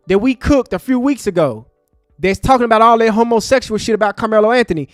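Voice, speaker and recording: A man hosts his live stream in a high, animated voice that jumps from loud bursts to low mutters. He is openly angry and curses in street slang. The sound is close and dry, with faint music underneath. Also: fairly quick, no room sound. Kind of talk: heated live stream commentary.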